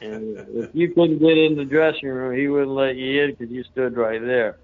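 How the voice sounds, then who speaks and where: A man tells a long story in a loose, folksy way, full of fillers and restarts. He sits at an ordinary, middling pitch. The sound is narrow and tinny, like a phone line. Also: normal speed. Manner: rambling, folksy, lots of fillers. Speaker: interview guest. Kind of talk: casual storytelling.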